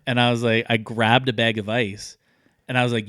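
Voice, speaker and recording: A man's voice: mid-range voice, fairly quick, clean tone, dry recording, clean studio sound. A man, co-hosting a podcast and telling a long story in a casual, rambling way full of fillers. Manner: rambling, many fillers, animated when telling stories. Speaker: podcast co-host.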